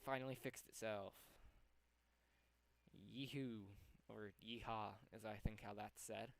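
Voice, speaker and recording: A man's voice: on the low side, fairly even intonation, moderate pace, creaky. A young man live-streaming from home, slightly out of breath, rambling with lots of ums as he works. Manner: rambling, lots of ums, talks to himself while working. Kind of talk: casual live-stream chat.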